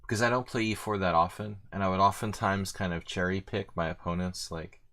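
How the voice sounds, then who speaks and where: A man streams blitz chess and thinks aloud in casual live commentary, using a deep, steady voice that moves fairly quickly and sounds a bit bright. Unsure of himself, he mocks his own play and fills his talk with lots of fillers.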